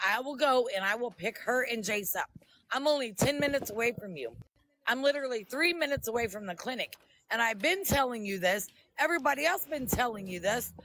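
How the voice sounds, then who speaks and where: A woman's voice: sits high, rough recording. A woman on a live stream confronting someone, scolding and insistent, repeating her points.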